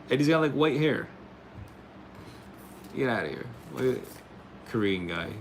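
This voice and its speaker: A man's voice: medium pitch, very animated, a little slow, creaky, pauses often, slight background noise. An American man hosting a casual livestream, reading out chat comments in a laid-back way, laughing often and calling people "bro" and "dude". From United States. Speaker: livestream host answering chat.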